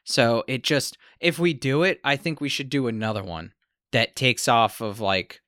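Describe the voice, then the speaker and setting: Bright-voiced man, rambling game master. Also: mid-range voice, moderate pace, dry recording, studio quality. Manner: rambling, self-deprecating. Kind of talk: casual podcast chat.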